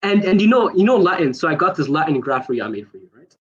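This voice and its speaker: A man in a heated online debate, talking fast and insistently, repeating himself and talking over his opponent. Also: high voice, sing-song, husky, no room sound, muffled recording.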